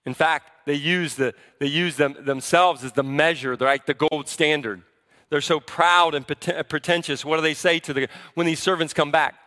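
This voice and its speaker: A man preaching a sermon as pastor, in a conversational, animated way that acts out the people he quotes. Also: a little high, normal speed, big-room sound. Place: church sanctuary.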